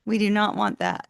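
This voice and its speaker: A woman's voice: medium pitch, gravelly, dry recording, clean studio sound. A woman hosting a live tarot stream, chatting casually with viewers, laughing often and sounding sleepy and yawning. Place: warm room at home.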